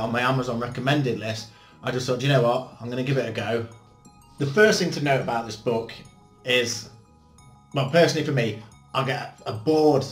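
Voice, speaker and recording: A man hosting his channel, giving a casual, blunt book review with self-mocking jokes and casual swearing. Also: medium pitch. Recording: roomy echo with faint background music.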